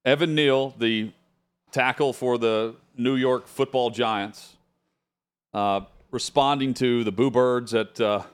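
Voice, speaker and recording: A man hosting a sports radio show, relaxed and halting, thanking guests and recapping news. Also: medium pitch, smooth. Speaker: radio host. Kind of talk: casual sports talk.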